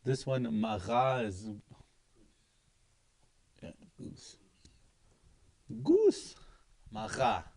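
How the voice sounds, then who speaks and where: A man's voice: mid-range voice, wildly swooping pitch, drawn-out words, long pauses, a little mellow. A man teaching words in a language class, patiently repeating each word many times. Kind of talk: slow, repetitive pronunciation lesson.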